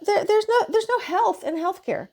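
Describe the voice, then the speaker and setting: With an extremely high pitch and a moderate pace, a female nurse blows off steam about her shift. It's a casual, animated monologue full of frustration and swearing.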